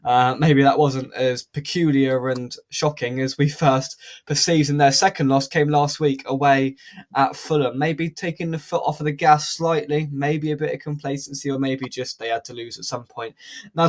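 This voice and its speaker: A man's voice: on the high side, steady tone, moderate pace. A man hosting a casual football fan chat, joking and laughing often. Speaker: podcast host.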